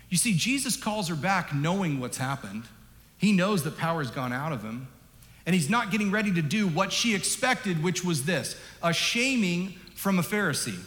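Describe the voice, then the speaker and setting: Emphatic pastor in an echoing church hall. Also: male voice, high voice. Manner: animated, emphatic, varies loudness. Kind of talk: sermon. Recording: echoey hall with long reverb.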